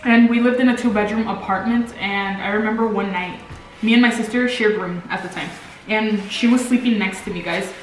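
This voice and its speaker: A woman's voice: medium pitch, steady tone, a little fast. A young woman co-hosting a vlog, telling stories casually and rambling with lots of fillers. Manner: rambling, filler-heavy, 'like' often. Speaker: vlog co-host. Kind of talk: casual storytelling chat. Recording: echoey room, mic at a distance, faint music.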